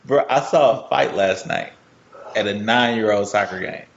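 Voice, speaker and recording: A man's voice: lowish voice, normal speed. A man co-hosting a podcast, chatting casually, teasing and laughing as he argues his point. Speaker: podcast co-host. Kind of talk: casual chat. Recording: roomy, dull sound with faint noise.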